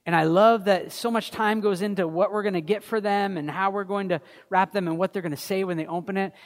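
A man's voice: high-pitched, a little fast. Man preaching in a reverberant hall. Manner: conversational, anecdotal, animated storytelling. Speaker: pastor. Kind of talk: sermon.

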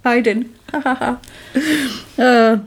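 A woman's voice: a little high, little pitch movement, slow pace. A woman in casual chat, recapping a film and giggling as she acts out characters' lines.

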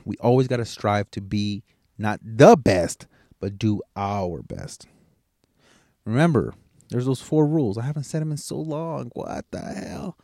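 A man's voice: mid-range voice, mellow, no room sound, clean studio sound. A middle-aged man hosting a podcast alone, talking in a rambling, blunt, profane motivational way. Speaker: podcast host. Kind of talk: casual motivational monologue.

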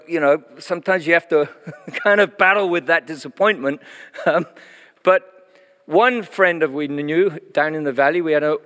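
Man preaching in a reverberant hall. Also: a little high. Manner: animated, chatty, laughs often, many fillers. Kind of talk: sermon testimony storytelling. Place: church hall. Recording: long reverb in a church hall.

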